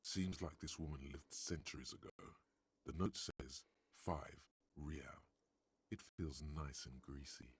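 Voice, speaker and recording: A man's voice: unhurried, no echo, heavily acted. A man voicing a game's second-person narrator, telling the action in a dry, wry way. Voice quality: very deep, gravelly, husky. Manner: dry, wry, gravelly storyteller. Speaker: game narrator.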